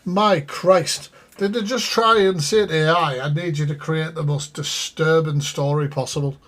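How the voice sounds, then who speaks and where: Streamer, fairly high voice, blunt and sweary, talks straight to his chat. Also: steady tone, normal speed, fairly bright tone. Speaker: streamer reacting to a live stream. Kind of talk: live reaction commentary.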